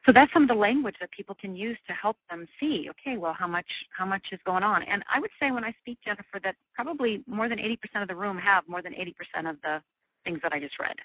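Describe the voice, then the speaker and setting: A woman's voice: medium pitch, fast talker, no room sound. A woman giving an earnest talk as guest teacher in a teleclass, often checking in with "right?". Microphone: telephone. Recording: tinny phone line.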